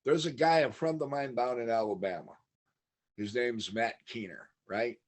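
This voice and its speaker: Husky man telling biker stories. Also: mid-range voice, moderate pace. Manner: rambling, laughs often, acts out quotes. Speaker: podcast guest. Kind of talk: casual storytelling chat.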